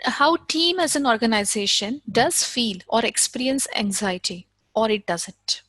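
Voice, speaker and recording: A woman moderating a live online session over a video call, reading out an audience question in a slow, hesitant way. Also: a little high, fairly bright tone.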